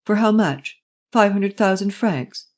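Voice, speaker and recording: A man voicing a suave, mocking gentleman thief who is excitable and quick to laugh. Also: high voice, voice pushed up. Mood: scheming.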